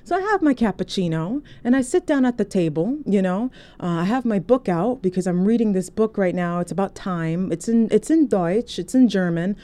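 A woman telling a casual story to her phone, chatty and animated, often checking in with "okay?". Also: medium pitch, moderate pace, few pauses. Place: indoors, recording on a phone.

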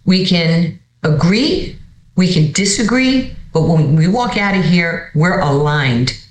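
Coach guest telling a story, lively, stumbles and repeats words, middling pitch, roomy echo. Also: takes it slowly. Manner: animated, repeats words, acts out quoted dialogue. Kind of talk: storytelling in conversation.

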